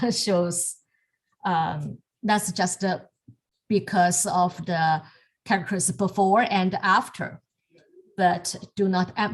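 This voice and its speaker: A woman teaching calligraphy over a video call, with halting phrasing and frequent restarts. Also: on the low side. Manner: halting, many fillers and restarts, soft laughs. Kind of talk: online lesson demonstrating strokes.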